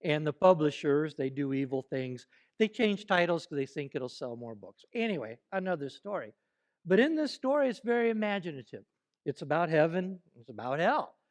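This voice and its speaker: A man with a high voice delivers a church sermon in a lively, playful way. He coaxes the congregation into joining short spoken exercises and keeps his preaching conversational rather than formal. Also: normal speed. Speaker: pastor. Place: church service.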